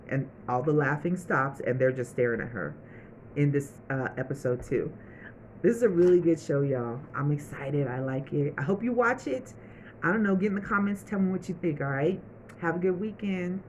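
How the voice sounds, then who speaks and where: Low-voiced woman chatting through a tv episode recap, acting out the lines, faint noise behind her. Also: poor audio. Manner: chatty, retells scenes by acting out the characters' lines. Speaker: TV show reviewer.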